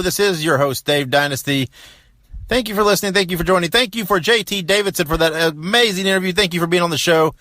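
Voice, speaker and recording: A man hosting a podcast, wrapping up with quick thank-yous and promotion. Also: high voice, bright, forceful tone. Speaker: podcast host. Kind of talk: upbeat podcast outro.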